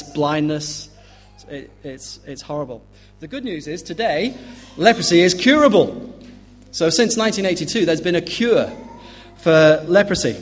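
Earnest preacher in a ringing hall. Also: male voice, fairly high pitch. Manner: earnest, emphatic, drops to a hush for grave points. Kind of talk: sermon. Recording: long hall reverb.

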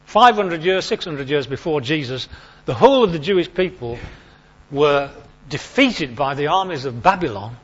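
A man's voice: on the high side, fairly bright tone, breathy edge. A man giving an informal, chatty sermon, repeating key phrases for emphasis. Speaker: preacher. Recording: lo-fi recording.

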